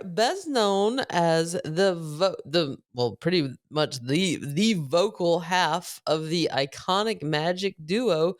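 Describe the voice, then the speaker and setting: Very low-voiced woman host. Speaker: podcast host. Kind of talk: casual chat.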